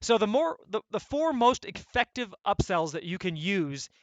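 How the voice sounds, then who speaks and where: A man coaching members on online sales funnels, talking in an energetic, blunt, conversational way and often checking in with "right?". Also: sits high, moderate pace, no echo, muffled recording. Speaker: e-commerce coach.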